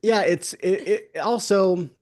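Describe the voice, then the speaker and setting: A man's voice: high-pitched, slow pace, darkish tone. An easygoing young adult man co-hosts a wellness talk. He rambles with plenty of restarts and asides and throws in playful jokes. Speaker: co-host of a wellness summit. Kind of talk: casual conversational chat.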